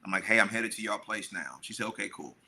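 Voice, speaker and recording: A man's voice: fairly low pitch, animated, quick pace, vocal fry, pushed and bright, slight background noise. A middle-aged man co-hosting a podcast, telling a story in casual chat and acting out the people he quotes. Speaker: podcast co-host.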